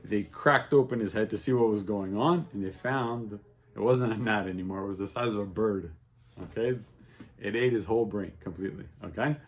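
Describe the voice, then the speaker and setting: A man teaching an informal religious class, telling stories with growing excitement and checking in with "okay?" and "right?" all the time. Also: on the low side, brisk. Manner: animated storytelling, voice rising with excitement. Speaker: Torah teacher.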